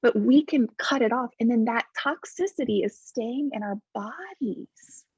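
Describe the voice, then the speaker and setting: A woman's voice: a little high, a little slow, husky, no room sound. A woman speaking as a podcast guest, earnest and heartfelt, leaning hard on the words she cares about. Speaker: guest, coach. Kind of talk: casual podcast conversation. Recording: dull lo-fi remote audio.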